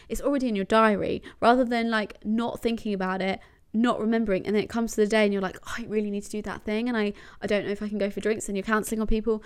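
A woman's voice: mid-range voice, clear, resonant tone. Rambling young woman giving tips. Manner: rambling, self-deprecating, full of fillers like "do you know what I mean". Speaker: lifestyle vlogger. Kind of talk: casual chatty advice vlog.

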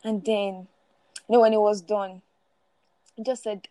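A woman's voice: medium pitch, fairly even intonation, a little slow, warm tone, no room sound. A woman in her forties sharing her personal testimony as a guest, often laughing through it and repeating words as she goes. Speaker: guest speaker.

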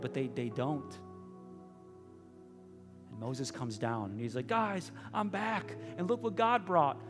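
A man preaching a sermon, telling the story with lively voices, swinging from loud bursts to hushed, intimate asides. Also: medium pitch. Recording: reverberant hall with faint music.

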